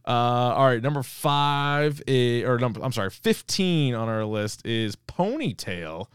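A man's voice: mid-range voice, expressive, a little slow, clean tone, no room sound, clean studio sound. A man co-hosting a casual podcast chat, retelling comedy sketches, laughing often and acting out quoted lines in a raised voice. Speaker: podcast co-host.

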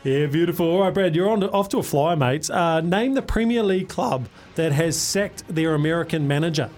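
A man's voice: a little high, a little fast, a little mellow, faint music behind. A man hosting a radio sports quiz, upbeat and matey with plenty of slang. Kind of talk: casual radio banter. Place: radio studio.

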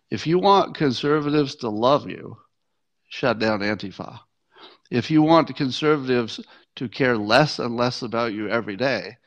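Male host, solo commentary, wry and conversational with lots of restarts, middle pitch, slightly muffled audio.

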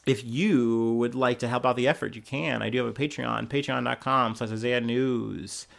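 A man hosting his own podcast, giving casual solo news commentary in a blunt, profane and animated way. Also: mid-range voice, normal speed, creaky. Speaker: podcast host.

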